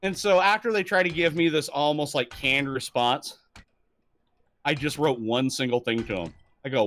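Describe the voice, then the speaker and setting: A young man with a medium-pitched voice chats casually on a live stream at a measured pace, pausing often. He swears freely, tells stories animatedly, and laughs a lot.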